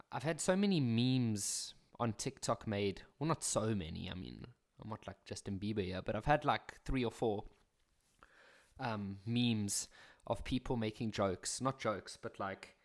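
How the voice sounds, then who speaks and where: A man with a South African accent teaching a maths lesson on video, chatty and fond of self-deprecating jokes. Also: lowish voice.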